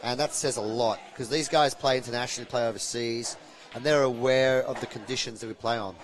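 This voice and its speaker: Aussie guy calling a pool match live, rambly and jokey, lots of ums and uhs, mid pitch. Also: steady tone, fairly quick, crowd noise. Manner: chatty, rambling, jokey, with fillers. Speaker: pool commentator.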